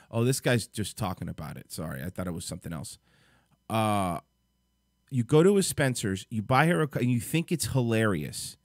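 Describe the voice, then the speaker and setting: A man hosting a live stream, reacting to videos in an angry, profane rant and reading web text aloud in a low mutter. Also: animated, moderate pace, dry recording, clean studio sound. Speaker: livestream host.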